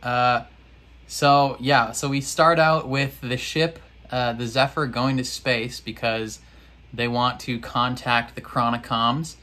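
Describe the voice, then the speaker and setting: A young man recapping a TV episode in a casual, excitable, slang-filled way, now and then mimicking characters. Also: medium pitch, takes it slowly. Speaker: reaction video host.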